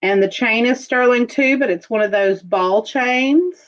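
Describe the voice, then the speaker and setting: A woman hosting a casual live-streamed jewelry auction, chatting slowly as she describes pieces and calls out viewer bids. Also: a little high, muffled recording.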